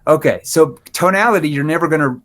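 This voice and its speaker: A man's voice: on the high side, fast. A man on a podcast explaining sales techniques, acting out sample lines in shifting tones. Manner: animated, acts out sample dialogue with shifting tones. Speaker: sales trainer guest. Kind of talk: podcast interview, demonstrating tones.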